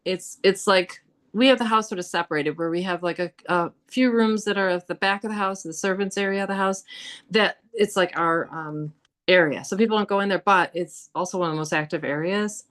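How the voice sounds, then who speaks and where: A woman telling ghost stories as a podcast guest, animated and chatty, acting out quotes with frequent laughs. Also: medium pitch, a little fast. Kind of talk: casual storytelling about hauntings.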